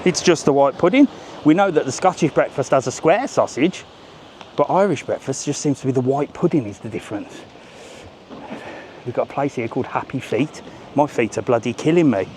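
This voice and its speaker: A man's voice: mid-range voice, fairly quick, slight background noise. A man chatting and joking with viewers while walking outdoors on a live vlog. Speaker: travel vlogger. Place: outdoors on a busy seafront. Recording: music loud in background. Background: music playing nearby.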